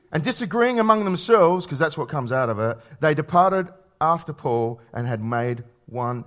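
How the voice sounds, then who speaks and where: A man preaching a sermon in a conversational way, telling stories and asking rhetorical questions, reading scripture slowly and quietly. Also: fairly high pitch.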